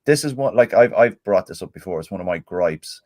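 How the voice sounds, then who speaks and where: A man's voice: sits low, animated, fairly quick, a little mellow, dry recording, studio quality. A man co-hosting a casual football podcast, chatting and reading out listener messages. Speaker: podcast co-host.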